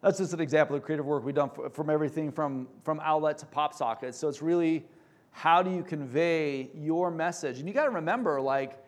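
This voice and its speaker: A man giving an energetic business presentation, joking now and then and using fillers. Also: on the high side, fairly quick, a little hiss or hum. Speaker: company presenter.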